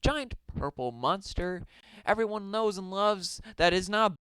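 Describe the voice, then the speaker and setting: A man's voice: sits high, animated, a little slow, sharp tone, clean tone, no echo, rough recording. A young man reading out a silly story with mock drama and rambling asides.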